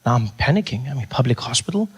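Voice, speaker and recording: A man telling a story on stage as a stand-up comedian, animated and acting out voices. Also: medium pitch, fast talker, breathy edge. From South Africa.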